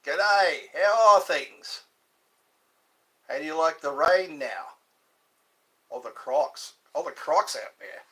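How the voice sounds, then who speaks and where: A man's voice: fairly high pitch, expressive, takes it slowly, pauses often, sharp tone, exaggerated voice. A man playing a cheery Australian man at a pub, with an exaggerated put-on Australian accent. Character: cheery male Aussie at a pub.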